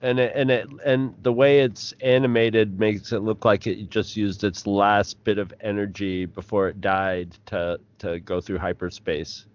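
A man co-hosting a podcast, chatting casually and rambling, with halting restarts. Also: on the low side, flat delivery, highs cut off. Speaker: podcast co-host. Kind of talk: casual chat.

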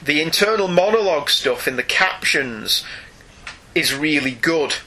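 An English man co-hosting a casual comics podcast, chatty and animated with jokey asides. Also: fairly high pitch, a little slow, slight background noise. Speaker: podcast co-host.

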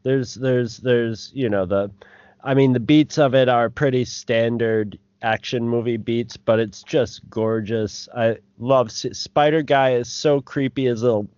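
A man co-hosting a podcast, chatting casually in a halting way. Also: mid-range voice, fairly even intonation, a little mellow, clear, resonant tone, dry recording, muffled recording. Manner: halting, with fillers and restarts. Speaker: podcast co-host. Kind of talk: casual chat.

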